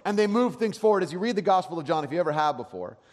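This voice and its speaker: A man preaching in a long, echoing hall, his voice sitting a little high for a man. He talks conversationally and animatedly, moving between louder bursts and quiet asides. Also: animated, very fast. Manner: conversational, checks in with the audience. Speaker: pastor. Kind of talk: sermon.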